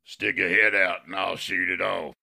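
A man voicing a masked bandit who talks in a croaking, muffled voice. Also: low voice, flat delivery, normal speed, sharp tone, voice pushed up, heavily acted. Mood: threatening.

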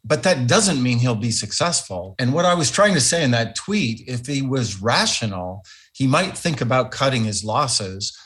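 A man's voice: medium pitch, lively intonation, normal speed, a bit bright. A middle-aged man, a former ambassador, answering radio interview questions in a thoughtful, emphatic way. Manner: thoughtful, emphatic, with fillers and restarts.

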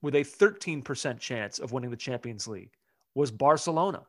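A man's voice: mid-range voice, expressive, fairly quick, no echo, studio quality. A man hosting a sports podcast, chatting casually and leading the discussion. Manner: conversational, leads the segment. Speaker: podcast host.

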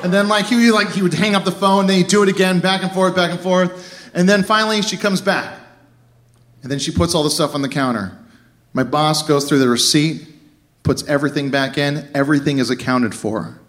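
A man telling a funny true story on stage, animated and laughing as he goes. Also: fairly high pitch, fairly quick. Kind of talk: live comic storytelling.

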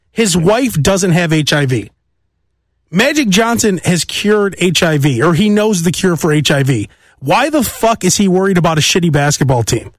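High-voiced ranting male podcast host. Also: dry recording, studio quality. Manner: brash, profane, ranting. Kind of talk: casual comedic chat.

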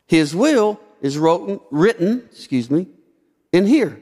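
High-voiced preaching man in a hall. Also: sing-song, takes it slowly, a little mellow. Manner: preaching, rhetorical questions, varied emphasis. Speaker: pastor. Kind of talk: sermon. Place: church sanctuary. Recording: long hall reverb.

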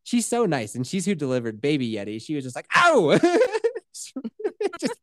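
A man's voice: mid-range voice, sing-song, moderate pace, a little mellow, no echo, clean studio sound. A man telling a story in casual chat, swearing freely and acting out the quotes.

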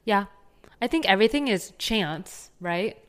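A young woman co-hosting a podcast, her Valley Girl accent running through a relaxed, joking chat. She keeps things playful and light, with an ordinary middle pitch. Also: measured pace. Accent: Californian Valley Girl. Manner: playful, joking, slips into giggles. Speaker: podcast co-host. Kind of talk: casual chat.

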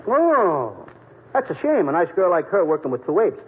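A man doing excitable, wisecracking 1940s radio comedy with a boyish manner. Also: on the high side, normal speed. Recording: tinny old radio broadcast with hiss and reverb.

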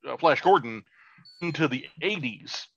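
A man co-hosting a podcast in casual chat, halting and crude in a blunt way. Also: fairly high pitch, lively intonation, fairly bright tone, slightly rough, no echo, lo-fi sound. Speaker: podcast co-host.

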